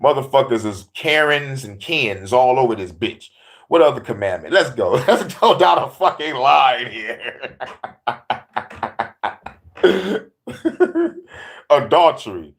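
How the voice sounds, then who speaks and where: A man's voice: medium pitch, expressive, slow, long pauses, fairly bright tone. A man hosting a casual comedic rant, swearing freely, laughing often and hammering his points. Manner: profane, laughing, emphatic. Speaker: host.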